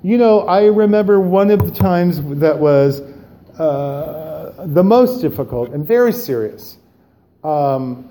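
Guy sharing at a recovery meeting, mellow voice sitting a bit high, animated storytelling. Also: takes it slowly. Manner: animated storyteller, acts out dialogue; turns quiet and subdued on serious parts. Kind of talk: personal recovery share.

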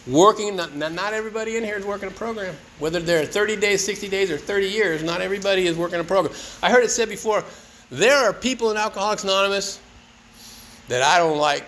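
A man's voice: high voice, fast talker, a bit bright, slight background noise, low-quality recording. A man telling his own recovery story at a meeting, casual, earnest, and joking. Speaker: speaker sharing at a recovery meeting. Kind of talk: personal recovery share.

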